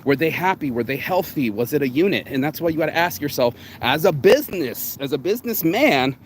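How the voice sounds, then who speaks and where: A man's voice: on the high side, lively intonation, brisk, a little hiss or hum. A man vlogging in casual motivational chat, rambling and streetwise, swearing freely and calling listeners "bro".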